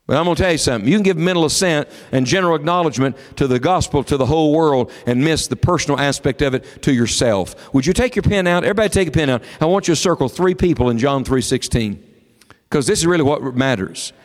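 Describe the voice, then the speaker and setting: A man preaching a sermon in a sanctuary, his somewhat high voice carrying long reverb off the walls. He swings from rising, emphatic declarations to quiet, close storytelling. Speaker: pastor.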